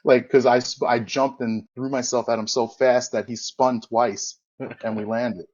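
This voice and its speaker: A man's voice: mid-range voice, flat delivery, measured pace, darkish tone, highs cut off. A man guest on a podcast, casually telling a long anecdote, correcting himself and acting out the quoted voices. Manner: rambling, self-correcting, acts out quoted dialogue. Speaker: podcast guest, former wrestler. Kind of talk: casual storytelling interview.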